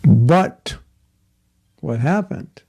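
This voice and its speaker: A man's voice: fairly high pitch, lively intonation, extremely slow, gravelly, dark tone. A man giving a conversational devotional class, telling a story with asides and jokes. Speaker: spiritual teacher. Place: Florida.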